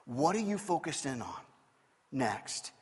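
A middle-aged man preaching a sermon as a pastor, telling stories with animated swings between loud and quiet. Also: mid-range voice, takes it slowly, husky. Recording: long hall reverb.

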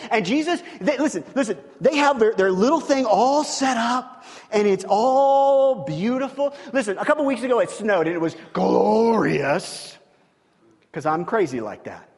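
Animated high-voiced male pastor preaching. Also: long reverb tail. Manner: animated storytelling, swinging from hushed to loud. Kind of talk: sermon.

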